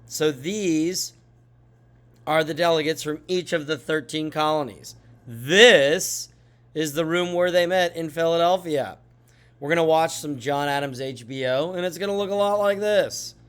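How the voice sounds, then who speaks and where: A man's voice: on the high side, measured pace, clear, resonant tone. A male teacher talking through a classroom lesson in a chatty way, with joking asides, who says he is tired. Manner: chatty, lively, jokey asides. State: tired, yawning.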